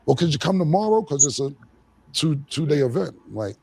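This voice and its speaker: A man's voice: mid-range voice, expressive, fairly quick, warm tone, no echo. A man casually telling a long story, acting out both sides of old phone calls in a laid-back way. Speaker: rapper telling a story on a played clip.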